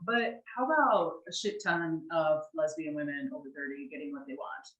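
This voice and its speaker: A woman's voice: sits low, moderate pace, fairly bright tone, echoey room, lo-fi sound. A woman life coach speaking frankly in casual chat, swearing now and then.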